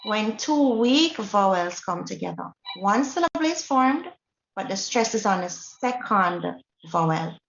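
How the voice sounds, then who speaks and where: A woman's voice: medium pitch, very animated, unhurried, gravelly. A woman with a Jamaican accent teaching a Spanish lesson, explaining each point and checking in with the class. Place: classroom or workshop hall. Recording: roomy, dull lo-fi recording.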